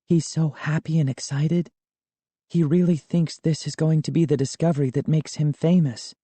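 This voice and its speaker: A man voicing a worried young girl who frets in a soft, pleading way in a storybook reading. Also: a little high, steady tone, moderate pace, no echo, voice pushed up, close to an everyday voice. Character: worried young girl, anxious about her father.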